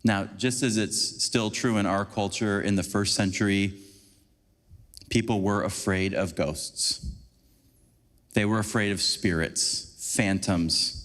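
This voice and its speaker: A man giving a conversational, animated sermon as a preacher, acting out little scenes for the congregation. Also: lowish voice, takes it slowly. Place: church sanctuary. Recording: long church hall reverb.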